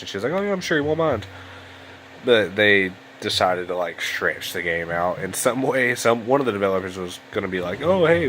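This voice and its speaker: A man's voice: low-pitched, fairly bright tone, slight background noise, rough recording. A young man giving casual, rambling gameplay commentary at home late at night, sounding tired and yawning. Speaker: let's play host. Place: home room at a computer.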